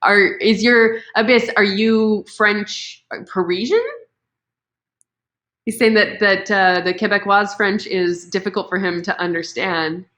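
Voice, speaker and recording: A woman from Canada chatting as a guest in a live online interview, self-deprecating and quick to laugh. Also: medium pitch, steady tone, a bit bright, rough recording. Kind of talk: casual live interview chat. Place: video call.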